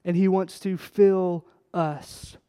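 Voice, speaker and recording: Male pastor, sermon delivery, high register, impassioned swings from hushed to loud, reverberant hall. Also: fairly even intonation, slow pace, clean tone. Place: church sanctuary. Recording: long reverb of a large hall.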